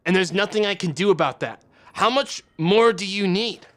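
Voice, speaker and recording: Bright-voiced man in a profane streamer rant. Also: sits high, moderate pace. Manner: profane, exasperated ranting. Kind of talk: angry live-stream rant.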